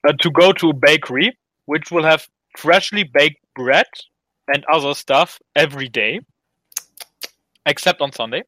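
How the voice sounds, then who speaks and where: A man's voice: fairly high pitch, a little slow, pushed and bright, no room sound, rough recording. A man from Germany, chatting emphatically on a call. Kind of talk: casual chat. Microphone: video call.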